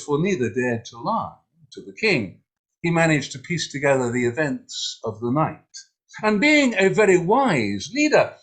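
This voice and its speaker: A man's voice: fairly high pitch, slightly rough. A man telling a humorous folk tale and hosting an online story event, playful and full of mock drama, heard over a video call.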